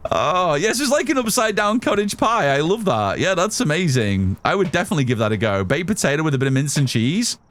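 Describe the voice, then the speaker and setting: A man's voice: fairly high pitch, very animated, a little fast, hardly any pauses, fairly bright tone, a little hiss or hum. Chatty British man streaming a game. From United Kingdom. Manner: chatty, reads out and answers chat while playing. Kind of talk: casual live gameplay commentary.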